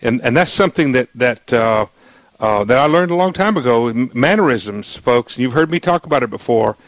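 A man's voice: mid-range voice, lively intonation, a little fast, dry recording. A male radio talk show host interviewing a guest in an emphatic, joking way, with frequent restarts. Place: radio studio.

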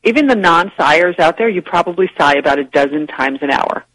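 A woman guest on a radio talk show, explaining ideas in a lively, chatty way and laughing easily. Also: fairly low pitch, fairly quick, poor audio. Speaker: guest, publishing executive. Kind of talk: casual radio interview.

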